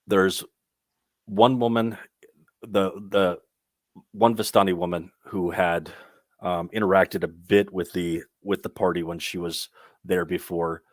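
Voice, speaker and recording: A man's voice: sits low, fairly even intonation, measured pace, no echo, clean studio sound. A young man narrating a tabletop game as game master, rambling along with many ums and restarts.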